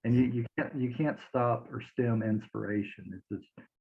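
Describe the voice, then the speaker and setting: A man's voice: medium pitch, moderate pace, gravelly. A man interviewing a songwriter in a casual chat, encouraging him and laughing often. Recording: tinny phone-line audio.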